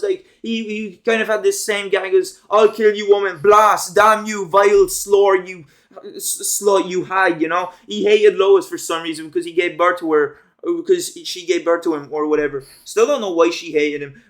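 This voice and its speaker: A man's voice: high voice, fairly bright tone. A young man chatting casually as he recaps a cartoon, rambling and slangy with lots of fillers. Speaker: show commentator.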